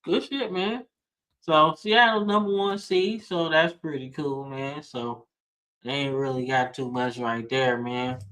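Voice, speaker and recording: A man's voice: medium pitch, fairly even intonation, unhurried, fairly bright tone. A man co-hosting a casual football podcast, talking in laid-back slangy banter. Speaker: podcast co-host. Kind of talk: casual sports chat.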